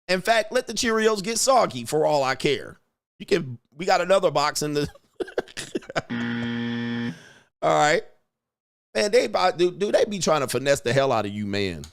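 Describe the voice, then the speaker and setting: A man's voice: fairly high pitch, creaky. A man hosting a show, ranting in a crude, boastful, swaggering way in casual talk. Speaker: show host. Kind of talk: casual livestream rant.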